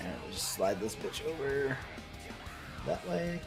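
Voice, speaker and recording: A man's voice: mid-range voice, big pitch swings, unhurried, gravelly, over music. A man streaming a farming game, chatting casually and swearing freely with co-players. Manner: profane, rambling banter. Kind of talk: casual gameplay chat.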